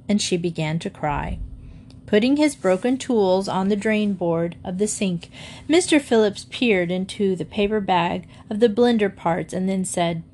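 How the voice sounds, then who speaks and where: A woman reading a children's book aloud with steady, clear narration. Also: mid-range voice, a little slow. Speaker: storybook reader.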